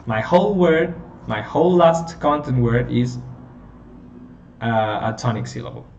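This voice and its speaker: Male phonetics teacher, patient and slow, quizzes students, faint hiss behind. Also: medium pitch, lively intonation, vocal fry, a little mellow. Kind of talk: online phonetics lesson. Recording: echoey room, a little far from mic, faint hiss.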